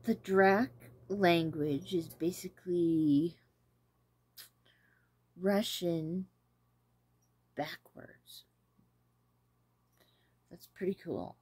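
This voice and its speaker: A woman hosting a casual talk about an old film, rambling and hesitant with many pauses. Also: on the low side, darkish tone, breathy edge, no room sound. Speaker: host reviewing an 80s film. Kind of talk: casual chat.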